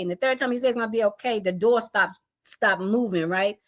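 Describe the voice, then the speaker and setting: A middle-aged woman recounts a frightening day with lively, animated storytelling. She slips into the voices of her husband and children as she goes. Her voice sits a touch high for a woman. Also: fast. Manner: animated, acts out voices of family members. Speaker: homeowner telling her storm story. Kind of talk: emotional personal storytelling.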